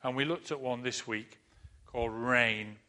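A man preaching a sermon in an earnest manner, repeating phrases and dropping to a soft, comforting tone. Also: mid-range voice, steady tone, a little slow. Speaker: pastor.

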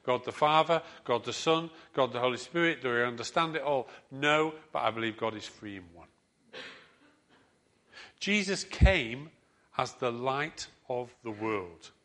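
A man preaching a sermon as pastor, telling stories with emphatic rises and soft, trailing endings. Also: medium pitch, animated, measured pace.

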